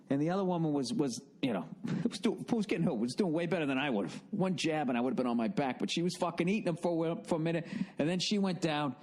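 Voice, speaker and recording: A man in his forties with an American accent, hosting a podcast with a rambling, profane comedic monologue. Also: a little high. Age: 40s. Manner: profane, animated storytelling with frequent restarts. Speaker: podcast host.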